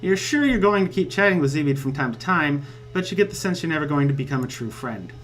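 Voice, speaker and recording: A man's voice: a little high, animated, fast, fairly bright tone. A man hosting a let's play, reading a visual novel aloud and adding wry, joking asides.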